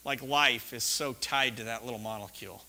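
A man preaching a sermon, telling a personal story with laughter and sudden shouted lines. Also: medium pitch, moderate pace.

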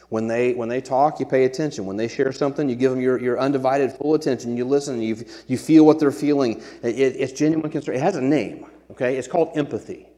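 A man's voice: medium pitch, warm tone. A middle-aged man preaching a sermon as pastor, earnest and conversational, often restarting his phrases. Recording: long reverb in a hall.

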